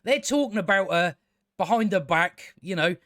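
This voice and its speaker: Man, fairly high voice, ranting, swears a lot, dry close sound. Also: expressive, normal speed, a bit bright, no echo. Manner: exasperated, ranting, swears freely. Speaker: show reviewer. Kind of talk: casual spoken review.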